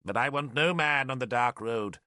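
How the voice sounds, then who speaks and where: A man's voice: medium pitch, normal speed, sharp tone, no room sound, clean studio sound, natural voice. A man voicing an old male druid in an audiobook, imperious and sarcastic, with a stern, snapping delivery. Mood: commanding. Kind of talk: audiobook character voice.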